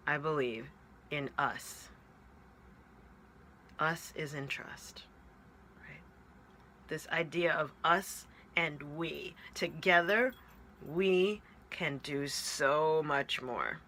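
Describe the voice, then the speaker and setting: Slow, bright-voiced woman spiritual coach. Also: low voice, a little hiss or hum. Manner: earnest, emotional, keeps asking "right?". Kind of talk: heartfelt direct-to-camera talk.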